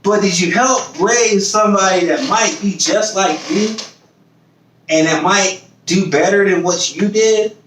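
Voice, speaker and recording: A man's voice: sits high, unhurried, a bit bright, reverberant, distant mic, a little hiss or hum, low-quality recording. A man hosting a podcast in casual chat, swearing freely, acting out other people's voices and laughing often. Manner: swears freely, repeats phrases while building a point. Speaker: podcast host.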